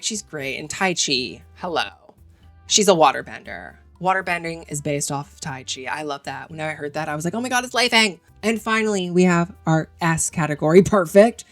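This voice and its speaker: A woman ranking game characters in casual, gushing commentary, chatty and full of fillers. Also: deep voice.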